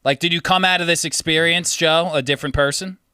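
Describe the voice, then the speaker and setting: A man co-hosting a podcast who talks fast, firing off teasing questions and wry comments. His voice is bright and forward. The recording is close and dry. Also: fairly high pitch, steady tone, clean tone, dry recording. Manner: quick, teasing follow-up questions. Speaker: podcast co-host. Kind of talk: casual chat.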